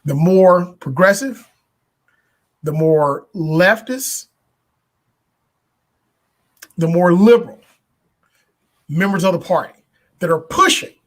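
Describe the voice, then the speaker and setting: A man with a fairly high voice talks through his views as the host of a podcast. He speaks deliberately, stacking up repeated phrases and rhetorical questions to drive each point home. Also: a bit bright. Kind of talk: political commentary monologue.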